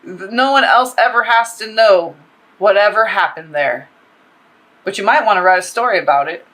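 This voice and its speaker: Tarot reader, woman; bright tone, rambling and profane, animated delivery. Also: medium pitch, normal speed, poor audio. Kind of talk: casual tarot reading monologue.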